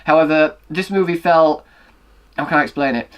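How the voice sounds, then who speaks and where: A young man hosting a casual film review chat, talking quickly and hedging his opinions as he goes. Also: a little high, clear, resonant tone, dull audio. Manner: fast-talking, hedging, self-correcting. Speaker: movie reviewer, host.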